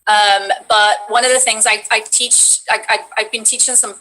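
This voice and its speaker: A woman's voice: a little high, moderate pace, poor audio. A woman being interviewed about voice acting, talking casually with many restarts. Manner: rambling, many restarts, animated. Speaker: guest voice actress.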